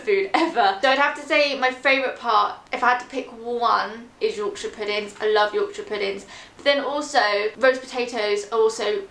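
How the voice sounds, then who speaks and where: Young woman, fashion vlogger, casual chatty delivery, fairly high voice, echoey room. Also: a bit bright. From England. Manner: chatty and self-deprecating, giggly asides. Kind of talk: casual vlog chat.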